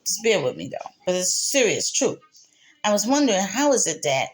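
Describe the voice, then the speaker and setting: A woman's voice: medium pitch, big pitch swings, fairly quick. A mother talking candidly and emotionally about her faith and healing, repeating herself and laughing through tears. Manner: spiritual, speaks of God and faith. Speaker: mother sharing her story. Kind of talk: candid personal monologue.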